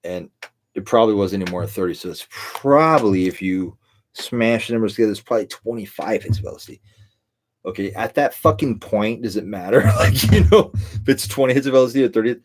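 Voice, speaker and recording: A man's voice: on the low side, a little fast. A middle-aged man hosting a livestream, a tipsy, rambling and profane monologue with frequent laughter. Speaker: livestream host.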